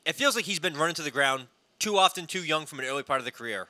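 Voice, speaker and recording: A man co-hosts a casual sports chat, blunt and salty, swearing freely as he talks. His pitch leaps around animatedly, and his tone is very bright and cutting. The recording is dry and close. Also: quick pace, dry recording. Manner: lively, blunt, swears often. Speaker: podcast co-host.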